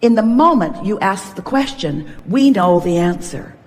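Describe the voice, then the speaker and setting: A woman's voice: medium pitch, expressive, unhurried. A woman giving an inspirational seminar talk, emphatic and playful, speaking as a collective "we". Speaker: spiritual speaker. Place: seminar hall. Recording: long hall reverb.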